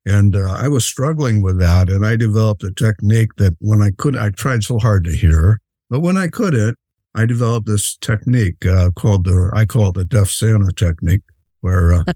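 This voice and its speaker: A man playing a mellow, kindly Santa Claus. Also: lowish voice, expressive, dry recording. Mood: gentle. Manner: gentle, unhurried, fatherly anecdotes with many fillers. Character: jolly old Santa Claus, kindly and patient. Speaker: interview guest. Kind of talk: in-character storytelling interview.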